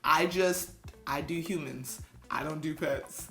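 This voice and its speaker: A chatty woman with a bright, forceful voice, rambling cheerfully through quick questions. She laughs easily, and the sound is echoey with faint music underneath. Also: deep voice. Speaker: co-host. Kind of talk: casual chat.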